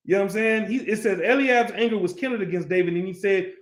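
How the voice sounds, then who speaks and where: A man's voice: sits high, fast talker, reverberant. A man teaching a Bible class, keeps asking the class questions and acts out the story in street slang.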